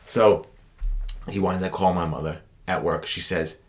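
A man's voice: low-pitched, fairly even intonation, normal speed. A young man co-hosting a podcast, telling a story in casual chat and acting out the people in it. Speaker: podcast co-host.

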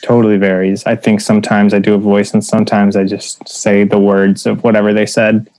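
A man's voice: lowish voice, monotone, a little fast, darkish tone, dry recording. A man who does stand-up comedy, talking casually and a little hesitantly about his jokes, self-deprecating.

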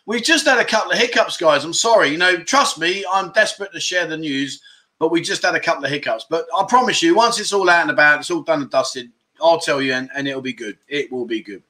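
Animated, bright-voiced man host. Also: on the high side, a little fast. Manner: animated and exclamatory, with loud catchphrases. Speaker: livestream chat show host. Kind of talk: casual chat reading viewer comments.

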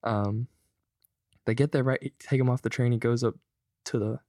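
A man's voice: medium pitch, fairly even intonation, normal speed, mellow, no room sound, studio quality. A young man co-hosting a podcast, telling stories loosely and swearing freely in casual chat. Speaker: podcast co-host.

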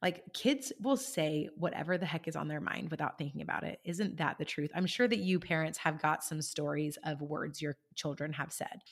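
A woman hosting a podcast, talking listeners through a coaching idea in a casual, animated way and checking in with them as she goes. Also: low voice, normal speed, hardly any pauses. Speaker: podcast host and life coach. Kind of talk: conversational coaching monologue.

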